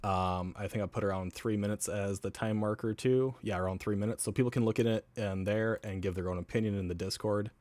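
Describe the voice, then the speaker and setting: A man with a low voice talks casually on a podcast, loose and chatty, dropping swear words as he goes. The sound is close and dry, with no room around it. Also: fairly even intonation, fairly quick, hardly any pauses, a little mellow, no room sound. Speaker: co-host.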